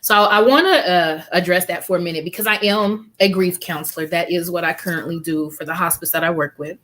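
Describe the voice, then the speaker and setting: A woman in her fifties with a lowish, fairly quick, slightly bright voice hosts a faith-based interview by video call from home, family around her. As a grief counselor, she speaks earnestly and repeats key lines in a preacherly, rhetorical style.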